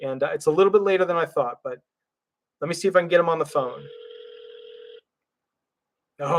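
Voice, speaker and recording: A man hosting a live call-in show as a disability attorney, talking in a rambling, excitable way with lots of fillers and restarts. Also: fairly high pitch, a little fast, long pauses, a little hiss or hum. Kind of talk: livestream call-in talk.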